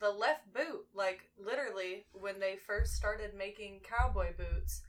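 A woman's voice: medium pitch, unhurried. A woman from Missouri, a bartender guest, blunt and laughing in casual chat, swearing freely.

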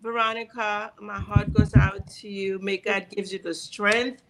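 A gentle woman guest who offers consolation in a casual talk. She speaks very slowly, her voice gravelly yet bright and sharp. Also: mid-range voice, level tone, slight background noise, low-quality recording. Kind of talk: casual chat.

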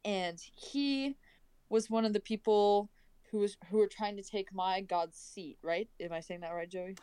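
A woman's voice: medium pitch, a little slow, warm tone, clean tone, no room sound, poor audio. A woman playing a tabletop game, chatting casually in and out of character with a hesitant, restarting manner. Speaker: player. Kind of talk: casual tabletop role-play.

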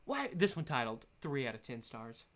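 A man's voice: mid-range voice, normal speed. A man hosting a casual solo podcast, rambling and giggling as he talks. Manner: giggly, animated, rambling with fillers and laughs. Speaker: podcast host.

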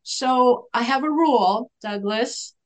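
Woman guest, animated storyteller, slightly high voice, acts out the dialogue. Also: slow pace. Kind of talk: storytelling in a podcast interview.

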